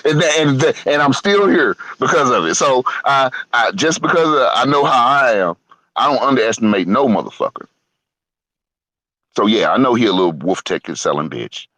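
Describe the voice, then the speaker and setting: Heated profane man with lively pitch. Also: moderate pace, no room sound. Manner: heated, profane, swings from loud to muttering; lively pitch, laughs between points. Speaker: online show host. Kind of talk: casual rant.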